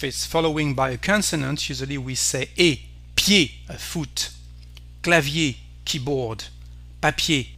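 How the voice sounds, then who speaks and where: A man with a French accent walks through a pronunciation lesson at an unhurried pace, repeating each word with care. His voice is bright and a little high. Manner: slow, careful, repeats each word for the learner. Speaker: French teacher.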